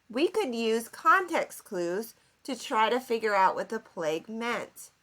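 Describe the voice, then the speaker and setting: A woman teacher giving a recorded lesson, explaining slowly and clearly and asking her students questions. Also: a little high, bright, forceful tone. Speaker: seventh grade English teacher.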